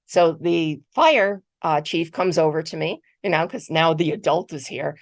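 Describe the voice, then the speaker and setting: Woman, middle-aged, keynote speaker, motivational storytelling, lowish voice, dry close sound. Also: unhurried, dry recording. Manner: conversational, animated, repeats words while telling a story. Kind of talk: motivational talk with personal storytelling. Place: virtual conference talk.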